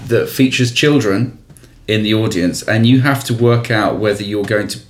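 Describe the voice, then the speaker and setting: A man's voice: lowish voice, moderate pace. A man interviewing a band, asking questions with chuckles. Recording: roomy with faint noise.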